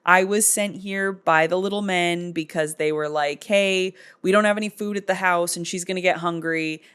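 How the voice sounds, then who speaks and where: A woman's voice: fairly low pitch, steady tone, moderate pace, fairly bright tone, clear, resonant tone, natural voice. A woman voicing a scheming evil queen who puts on a mock-sweet, exaggerated kindness. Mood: fake sweet.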